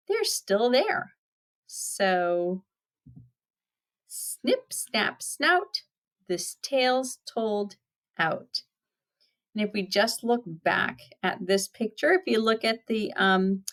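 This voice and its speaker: A woman teacher reading a picture book aloud to children, pausing to point out the pictures and explain words. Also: mid-range voice.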